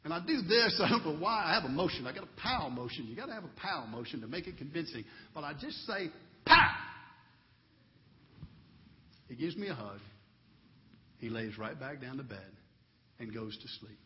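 A man's voice: on the high side, expressive, fairly quick, big-room sound, muffled recording. A male pastor, likely in his thirties, preaching a conversational sermon with personal stories and a closing prayer.

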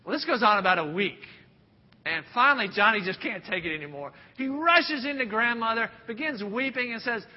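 A man preaching a sermon and telling stories, swinging from loud bursts to hushed near-whispers. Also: lively intonation, fairly quick. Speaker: pastor. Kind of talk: sermon with storytelling. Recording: dull sound with long hall reverb, faint rumble.

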